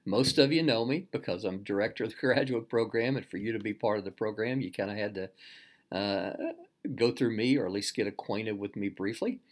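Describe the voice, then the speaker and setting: A man's voice: on the low side, fairly quick. A middle-aged man, a course instructor and program director, walking students through an online course with many fillers, restarts and self-deprecating asides. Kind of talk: casual recorded course walkthrough.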